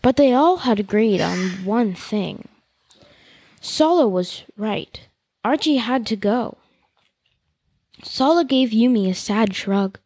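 A woman podcast host reading a novel aloud in a steady, expressive way. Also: on the high side, takes it slowly, long pauses, breathy edge, no room sound.

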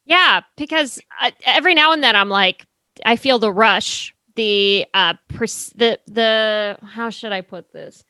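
A woman's voice: a little high, unhurried, sharp tone, no room sound. A woman in casual podcast conversation, talking candidly and swearing freely. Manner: candid, swears, acts out quoted people. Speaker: podcast co-host. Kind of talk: casual chat.

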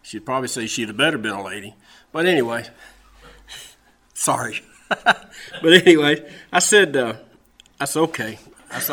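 A man's voice: mid-range voice, expressive, normal speed, long pauses, a bit bright. A man preaching a sermon, telling a personal story in a folksy, storytelling way, often repeating his words as he goes. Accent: Southern American.

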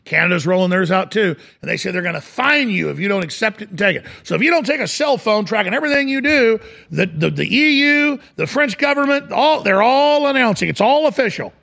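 A man's voice: high-pitched, expressive, fairly quick, gravelly, few pauses, pushed and bright. A middle-aged man hosting a talk radio show, delivering an impassioned, ranting monologue.

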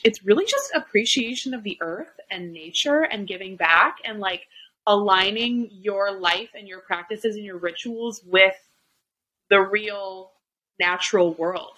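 A young woman hosts a podcast with a bright, crisp voice. She speaks in a thoughtful, earnest way and draws her guest out with follow-up questions. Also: mid-range voice, unhurried, low-quality recording. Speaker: podcast host. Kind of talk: casual chat.

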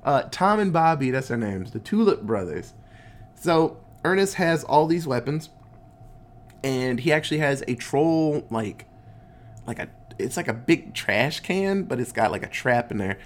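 A man's voice: mid-range voice, lively intonation, unhurried. A man casually recapping a movie, laid-back and swearing a lot, acting out the characters' lines in goofy voices. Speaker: podcast host recapping a movie.

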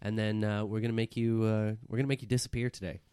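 A man's voice: on the low side, little pitch movement, fast, dark tone, smooth, no room sound, clean studio sound. A man improvising as a flustered stage magician on a comedy podcast. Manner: flustered, stammering showman.

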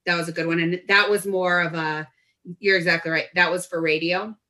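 A woman in her forties from Colorado, a guest telling stories in a lively, chatty way. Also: on the low side, fairly quick. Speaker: podcast guest. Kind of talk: casual storytelling chat.

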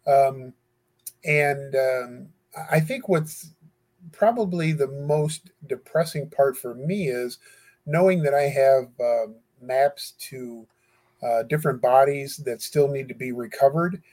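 He's a guest in a relaxed interview, a man who writes to people on death row. His medium, slightly mellow voice moves slowly, and his earnest, hesitant speech is peppered with fillers and restarts.

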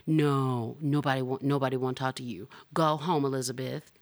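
Young woman podcasting, sassy and fired up, deep voice, dry close mic. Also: fairly quick, dry recording. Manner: sassy, animated, jumps to high exclamations. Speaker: podcast host. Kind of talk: casual chat.

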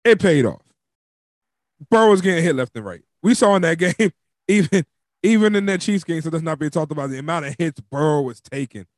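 A man with a slightly high voice hosts a relaxed sports talk show, loose and chatty, dropping "um" and "like" as he goes. The sound is dry and close. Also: fairly quick, no room sound. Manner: loose, chatty, laughs often, fills with "um" and "like". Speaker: podcast host. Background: dog squeaking a toy.

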